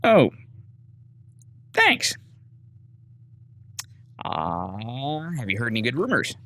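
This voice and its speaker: A man's voice: medium pitch, big pitch swings, moderate pace. A man giving casual let's-play commentary, chatting through dialogue choices and reading menu items aloud. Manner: casual, reads menu text aloud, muttering asides. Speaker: gameplay host.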